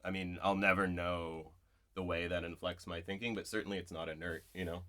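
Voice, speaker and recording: A man's voice: low-pitched, level tone, brisk, fairly bright tone. A man, a poet, speaking thoughtfully at a live bookshop event, wandering through his ideas with lots of "like" and "right?". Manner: thoughtful, digressive, full of "like" and "right?". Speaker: poet, interview guest.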